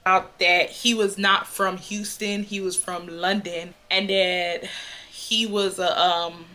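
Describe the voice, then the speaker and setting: A woman's voice: mid-range voice, flat delivery, slow, pushed and bright. A woman telling a casual storytime, chatty and full of "like" as she talks. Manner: chatty, fills with "like". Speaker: storyteller in clip.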